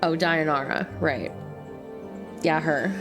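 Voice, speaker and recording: A woman streamer with a slight lisp chatting casually with viewers during a game stream, making quick apologetic asides. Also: low-pitched. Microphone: desk mic near keyboard. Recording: stream with clear music behind.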